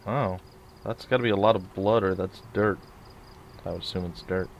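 A man's voice: low-pitched, steady tone, normal speed, gravelly, dull audio, slight background noise. A man hosting a let's play video, chatting casually and joking while he plays. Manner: joking, chatty, mumbles asides. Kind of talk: casual gameplay chat.

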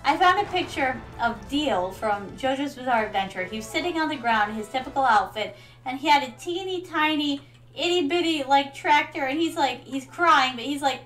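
A woman's voice: high-pitched, moderate pace, fairly bright tone, faint music behind, poor audio. A woman streaming a video game, chatting casually and playfully, often calling her viewers "my darlings.". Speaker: VTuber streamer. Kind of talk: casual gameplay commentary.

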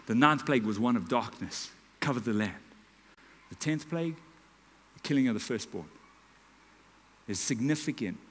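Pastor preaching dramatically. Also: male voice, medium pitch. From South Africa. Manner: dramatic storytelling, swings from hushed to loud. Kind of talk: sermon. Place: church auditorium. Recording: live church hall reverb.

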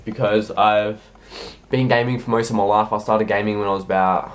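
A man's voice: fairly low pitch, fairly even intonation, a little fast. Rambling sick teenage boy. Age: teens. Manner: rambling, hesitant, heavy with ums and restarts. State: sick, coughing. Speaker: YouTuber answering viewer questions. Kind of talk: casual Q&A vlog.

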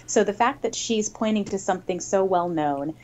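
A woman who is a podcast guest, explaining things in a relaxed chat and laughing easily. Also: mid-range voice, moderate pace, lo-fi sound.

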